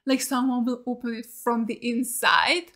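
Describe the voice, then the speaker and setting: A young woman hosting a reaction video, excitable and emotional, swearing freely as she comments from a room at home on a desk mic. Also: fairly high pitch, unhurried.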